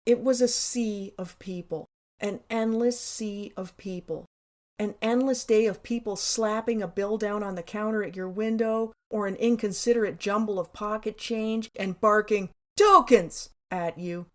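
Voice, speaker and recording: A woman's voice: medium pitch, steady tone, moderate pace, a little mellow. A woman narrating her own memoir in a wry, candid, sarcastic way, with casual swearing.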